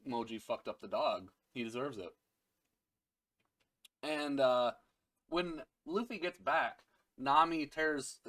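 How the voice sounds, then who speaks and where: A man's voice: mid-range voice, pushed and bright, dry recording, studio quality. Crude, rambling man recapping an episode. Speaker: anime recap host.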